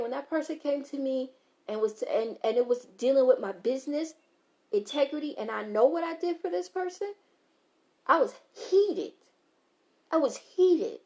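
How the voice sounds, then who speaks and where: A woman speaks in a somewhat high voice. She gives an unscripted motivational talk to her viewers. She is blunt and emphatic, repeats her points for weight and swears without holding back. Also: dark tone.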